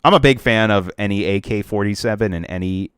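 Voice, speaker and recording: Young dude chatting games on a podcast, lowish smooth voice, dry close mic, says like a lot. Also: male voice, a little fast, a bit bright, no echo. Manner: rambling, many "like" fillers and restarts. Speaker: podcast co-host. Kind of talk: casual chat about video games.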